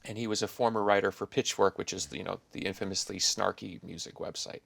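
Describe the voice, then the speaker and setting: A man's voice: fairly low pitch, fairly even intonation, quick pace, vocal fry, a bit bright, no echo. A middle-aged man hosting a podcast, talking in a thoughtful, rambling, musing way. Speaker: podcast host. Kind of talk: casual interview chat.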